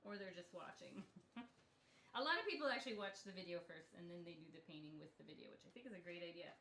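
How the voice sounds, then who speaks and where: A woman's voice: lowish voice, fast talker, sharp tone, a little hiss or hum. A woman teaching a step-by-step painting lesson in a casual, chatty way, laughing often. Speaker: painting instructor. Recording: echoey room.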